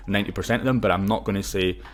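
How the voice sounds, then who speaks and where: A man's voice: on the low side, fast talker. A man speaking casually in a video, brash and swearing as he tells stories and gives opinions. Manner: brash, swearing, lively storytelling. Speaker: crypto YouTuber. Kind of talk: casual talking-head video.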